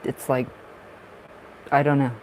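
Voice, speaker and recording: A man with a raspy smoker's voice doing tarot readings on a livestream, chatting in a rambling way and laughing often. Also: mid-range voice, level tone, slow, a little hiss or hum, low-quality recording. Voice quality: raspy from smoking. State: short of breath at times. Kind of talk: casual livestream chat.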